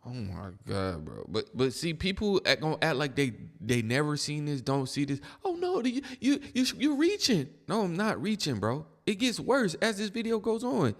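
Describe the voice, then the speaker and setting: A man's voice: a little high, sing-song, normal speed, hardly any pauses, long reverb tail. A man hosting a reaction video, giving blunt, mocking casual commentary on clips. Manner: blunt, mocking, keeps saying "bro".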